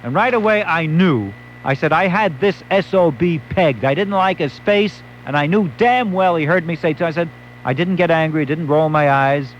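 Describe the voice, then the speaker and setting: With a higher-leaning voice at a moderate pace, a male late-night talk radio host delivers a wryly told story, acting out what people said. Slight background noise sits under the dull, lo-fi AM sound.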